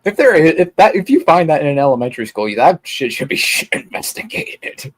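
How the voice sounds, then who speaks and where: A man on a stream call makes crude jokes and laughs at them. His pitch sits a little high and moves a lot. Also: very animated, brisk. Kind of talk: casual chat on a call.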